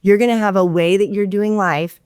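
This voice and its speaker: Smooth-voiced woman guest, earnest and measured. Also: medium pitch, steady tone, darkish tone, no room sound, studio quality. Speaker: author and guest. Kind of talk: conversational interview.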